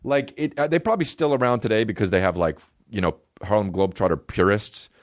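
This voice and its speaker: A man hosting a comedy podcast, riffing alone in a profane, rambling, animated way. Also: fairly low pitch, fast, no room sound, studio quality.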